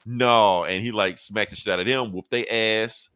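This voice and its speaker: A man hosting a podcast, recapping a comic book in a casual, profane, animated way. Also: on the low side, moderate pace, clear, resonant tone, no room sound. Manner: profane, animated storyteller, slips into characters. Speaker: podcast host.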